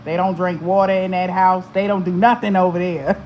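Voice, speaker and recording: A woman's voice: fairly low pitch, steady tone, moderate pace, a little mellow, a little hiss or hum, poor audio. A woman hosting a spiritual channel, chatting casually to her viewers in a blunt, profane way and laughing often.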